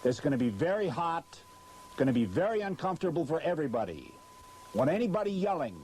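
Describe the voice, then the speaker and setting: A man's voice: a little high, very animated, quick pace, darkish tone, a little hiss or hum. A man shooting a promotional video, swearing constantly, exasperated and forgetting his lines. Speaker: spokesman filming a promotional video. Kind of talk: profane outtakes from a video shoot. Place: outdoors by a vehicle under hot lights.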